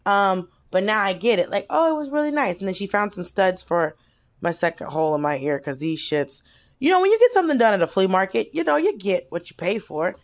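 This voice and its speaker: A woman co-hosts a loose comedy podcast, spilling personal stories with lively energy and blunt language. She talks in quick bursts and shifts readily between excitement and reflection. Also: medium pitch. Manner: animated, candid storytelling with swearing and quick bursts. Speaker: podcast co-host. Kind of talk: casual comedic podcast chat.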